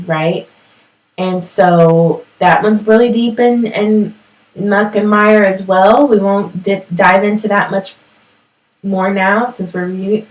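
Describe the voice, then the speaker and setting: A woman hosts a casual motivational talk from home, chatty and quick to laugh at herself. Her voice sits at an ordinary middle pitch. The room rings noticeably, and she sounds set back from the microphone. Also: echoey room, far from the mic, poor audio. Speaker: host of a parenting talk show.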